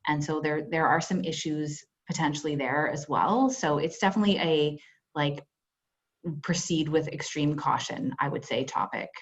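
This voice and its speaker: A woman's voice: sits low, moderate pace. A woman leading a webinar as a workplace trainer, talking conversationally with many fillers and acting out example dialogue. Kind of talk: webinar presentation. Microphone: video call.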